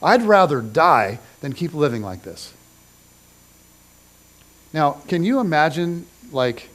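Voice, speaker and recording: A middle-aged man preaching a sermon in a casual, conversational storytelling style, acting out the people in his story with lively slang. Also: fairly high pitch. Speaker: pastor. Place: church stage.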